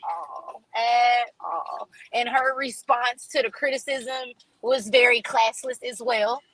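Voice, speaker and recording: A woman's voice: on the high side, fairly even intonation, takes it slowly, vocal fry, a bit bright, no echo, low-quality recording. A woman co-hosting a casual political chat, breezy and sarcastic, peppering her talk with "like". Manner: breezy and sarcastic, with lots of fillers like "like".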